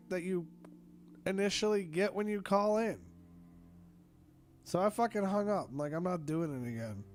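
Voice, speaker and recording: Sick, coughing male host with a high voice; swears constantly and rants with exasperation on a call. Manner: profane, exasperated ranting. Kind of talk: casual ranting chat.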